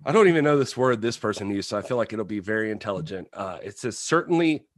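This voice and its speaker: A man's voice: on the low side, animated, fast. A man hosting a casual podcast chat, amused and laughing often as he reads reviews aloud. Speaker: podcast host.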